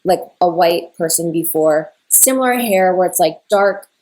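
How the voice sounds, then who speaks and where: A woman's voice: fairly low pitch, normal speed, darkish tone. Emotional young woman rambling a story. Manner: rambling, heavy use of "like", emotional retelling. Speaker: spiritual content creator. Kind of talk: casual storytime.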